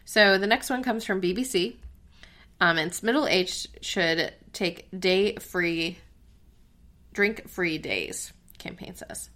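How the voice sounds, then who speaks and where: A woman's voice: fairly low pitch, slow pace. A woman co-hosting a health news podcast, casually reading out news items with many fillers. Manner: relaxed, filler-heavy, reads headlines aloud. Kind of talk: casual chat.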